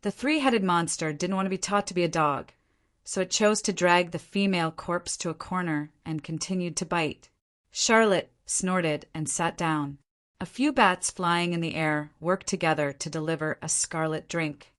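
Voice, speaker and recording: Woman audiobook narrator, measured, lowish voice. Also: fairly bright tone. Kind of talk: scripted narration.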